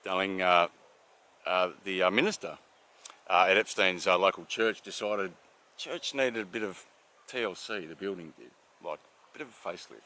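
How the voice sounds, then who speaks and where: A man's voice: low-pitched, normal speed, sharp tone. A man telling jokes casually and rambling through them with many fillers, calling his listener darling. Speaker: joke teller.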